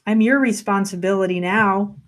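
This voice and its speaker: A woman narrator voicing a calm, insistent woman who hangs from a rope and politely pleads to be held. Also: mid-range voice, normal speed, natural voice. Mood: pleading.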